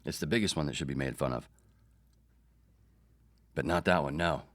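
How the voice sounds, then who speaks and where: A man's voice: very deep voice, moderate pace, fairly bright tone. A man hosting his own comedy podcast, talking in a rambling, sarcastic, profane monologue. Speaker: podcast host.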